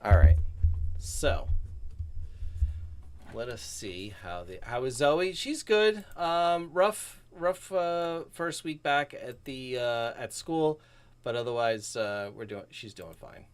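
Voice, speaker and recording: Chatty man telling a sheepish story. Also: mid-range voice. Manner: rambling, self-deprecating storytelling with acted-out quotes; drops to a soft murmur when talking to a child. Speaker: livestream gaming host. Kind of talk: casual chat to stream viewers. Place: home room.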